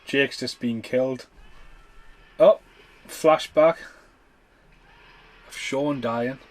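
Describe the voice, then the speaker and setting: Bloke swearing his way through a movie commentary podcast, mid pitch, super casual. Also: extremely slow, soft background music. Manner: sweary, blunt running commentary. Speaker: podcast host.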